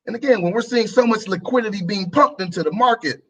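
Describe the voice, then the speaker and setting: A man's voice: high-pitched, fast talker, bright, forceful tone, slightly rough, low-quality recording. A male talk show host delivering a preachy political commentary monologue, repeating his phrases and acting out both sides of an argument.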